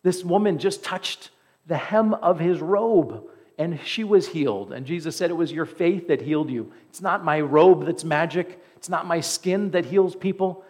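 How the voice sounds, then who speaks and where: A man's voice: a little high, normal speed, darkish tone. A man preaching a sermon as pastor, earnest and conversational, with emphatic repeats.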